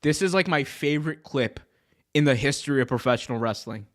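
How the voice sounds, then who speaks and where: Brief: a male wrestling podcast host riffing casually, excitable and slangy, at a mid-range pitch. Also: a little fast. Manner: excitable, jokey, lots of slang and reactions. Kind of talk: casual livestream commentary.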